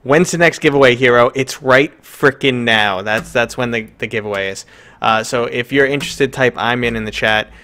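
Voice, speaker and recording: A man with a New York accent hosts a casual live stream, chatting loosely and joking with plenty of fillers. His mid-range voice moves at a moderate pace and has a sharp tone.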